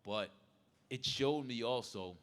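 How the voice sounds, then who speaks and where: Animated storytelling man in his fifties. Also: medium pitch, takes it slowly, clean tone. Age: 50s. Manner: animated, acts out quoted voices. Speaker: podcast panelist. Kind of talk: casual storytelling. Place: live event space.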